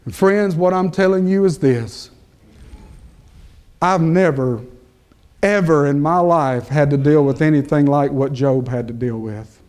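Slow, emphatic male preacher. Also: a little high, darkish tone. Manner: slow, emphatic preaching with pauses and rising peaks. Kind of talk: sermon.

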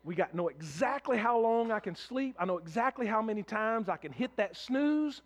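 A man's voice: high-pitched, lively intonation, normal speed. A man preaching a sermon, earnest and emphatic, acting out prayers in the first person and repeating words as he builds a point.

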